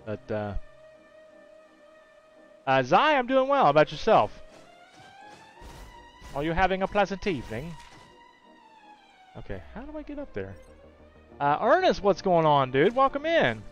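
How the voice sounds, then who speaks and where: This livestream host has a high voice with huge pitch swings, talking unhurriedly and pausing often during a casual gaming stream. He's chatty, reading viewer comments aloud and warmly bantering with his regulars by name, over a muffled recording with soft music underneath.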